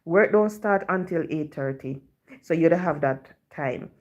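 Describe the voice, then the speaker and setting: Jamaican woman, slightly low voice. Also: measured pace, a little mellow, muffled recording. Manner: chatty patois storytelling, leans on "you know". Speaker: live-stream host. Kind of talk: casual storytelling to viewers.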